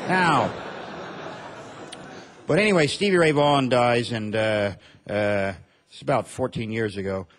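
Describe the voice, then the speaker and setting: A man from Montana performing a stand-up comedy set on stage, with a deadpan, drawling delivery. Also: on the high side, normal speed, slight background noise. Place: comedy stage before an audience.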